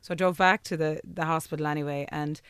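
Quick-talking Irish woman, emotional. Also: sits low, clear, resonant tone, no echo, clean studio sound. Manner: animated storyteller who acts out quoted dialogue. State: emotional, near tears. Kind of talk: casual chat, telling a personal story.

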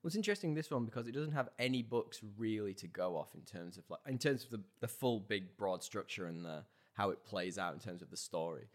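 A man's voice: on the low side, animated, fairly quick, few pauses. A man co-hosting a podcast in casual chat, wry and teasing as he moves the talk from topic to topic. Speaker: podcast co-host.

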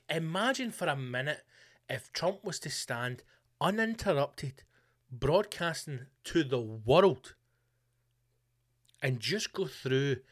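A Scottish man hosting a comedy podcast, ranting in a sweary, animated way. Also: medium pitch. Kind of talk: comedic rant.

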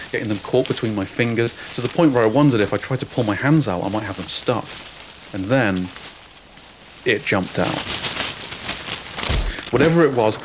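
A man narrating a comic first-person story with a deadpan, wry delivery and dry asides. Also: fairly low pitch, background noise.

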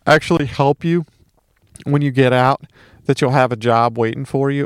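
A man's voice: mid-range voice, creaky, no room sound, clean studio sound. A man from Mississippi with a light Southern accent, doing a casual solo comedy monologue, ranting with profane, sarcastic asides.

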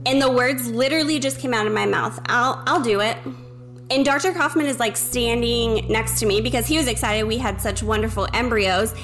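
Brief: expressive woman, fairly high pitch, quick conversational storytelling. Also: faint music behind. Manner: quick, expressive, acts out quoted dialogue. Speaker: surrogate telling her story.

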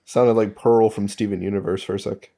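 A man's voice: fairly low pitch, steady tone, a little fast, gravelly, warm tone. A man co-hosting a podcast in casual chat, making short, dry comments. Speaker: podcast co-host.

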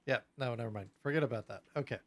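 A man narrating as game master of a tabletop game, casual and halting, full of fillers. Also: mid-range voice, a bit bright, no room sound.

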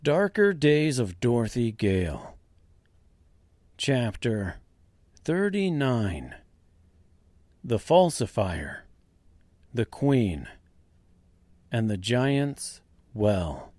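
A man narrating a dark fantasy audiobook serial, reading slowly and deliberately. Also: medium pitch, sing-song, dry recording. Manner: slow, deliberate reading with quiet voiced dialogue.

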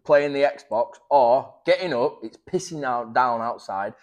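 A man's voice: mid-range voice, expressive, unhurried. A man co-hosting a casual podcast chat, blunt and sweary, riffing on tangents. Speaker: podcast co-host.

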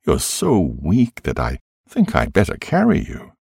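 A man voicing a gentle, patient and kindly man who speaks softly to a dying woman. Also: very deep voice, wildly swooping pitch, measured pace, creaky, husky, no room sound, clean studio sound, full character voice. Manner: gentle, kind. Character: gentle, patient man, a kind brother-in-law spirit.

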